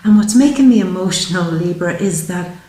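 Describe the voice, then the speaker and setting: A woman giving a spoken psychic tarot reading, gentle, earnest and emotional, often slowing down. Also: on the low side, animated, roomy sound, rough recording. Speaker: tarot reader.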